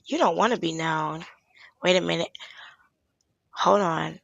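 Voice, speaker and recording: Her voice is fairly low and creaky here, at a measured pace, in a dry, muffled recording. The Charlotte activist hosts a casual live stream, speaking openly and emotionally with lots of swearing and laughter.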